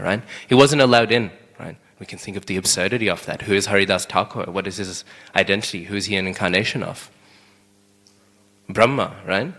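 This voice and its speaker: Young man, low bright voice, casual scripture class, reverberant temple hall. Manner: conversational, keeps asking "right?". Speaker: class speaker.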